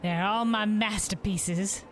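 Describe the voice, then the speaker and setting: A woman's voice: mid-range voice, fairly even intonation, slow pace, a little hiss or hum, close to an everyday voice. A woman streamer voicing a cheerful young woman who cooks at a hotel, reading game dialogue aloud in an eager, hospitable way. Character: cheerful young woman hotel cook, proud of her dishes.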